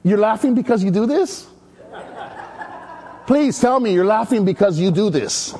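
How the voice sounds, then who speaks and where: A male pastor from Maui preaching an animated sermon, telling stories and calling out to the congregation. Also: high voice, a little slow. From Maui, Hawaii. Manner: energetic, chatty, storytelling with call-and-response.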